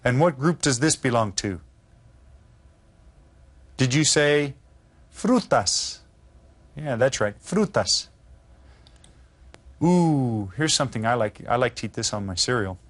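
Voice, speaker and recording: A man teaching Spanish vocabulary to children, pronouncing each word slowly and drawn out, then asking the class to repeat it with friendly encouragement. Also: medium pitch, expressive. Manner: slow, drawn-out pronunciation of vocabulary words.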